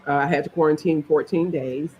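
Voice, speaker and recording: A woman's voice: low-pitched, brisk, muffled recording, slight background noise. Chatty middle-aged woman. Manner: animated, chatty, laughs while telling her story. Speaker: interview guest. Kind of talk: personal storytelling interview.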